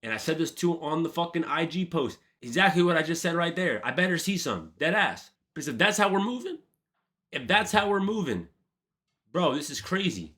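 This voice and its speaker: A man streamer telling a casual story, animated and profane, full of slang and calling everyone bro. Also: a little high, a little fast.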